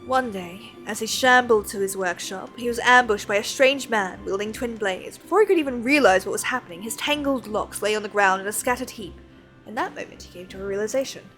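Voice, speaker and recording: A woman doing a calm older guild master. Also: mid-range voice, faint music behind, close to an everyday voice. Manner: slow, measured storytelling.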